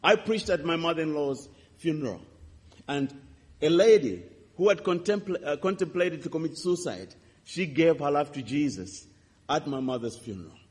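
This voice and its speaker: Man, preacher, lively swooping pitch, husky, long hall echo. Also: moderate pace. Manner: impassioned storytelling with sharp swings between loud and hushed. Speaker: pastor. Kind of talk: sermon testimony. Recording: reverberant hall.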